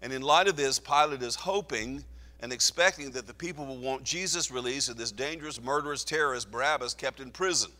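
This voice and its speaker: Bright-voiced male preacher in reverberant hall. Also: mid-range voice, brisk. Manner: reads scripture aloud with rising emphasis. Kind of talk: expository Bible teaching.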